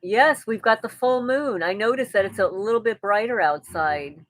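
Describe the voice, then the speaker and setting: A woman's voice: medium pitch, normal speed, no echo, low-quality recording. Dry-sounding woman chatting on a live stream. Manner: reads viewer comments aloud and answers them conversationally; chatty, with frequent restarts and light laughter. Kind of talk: casual live-stream chat.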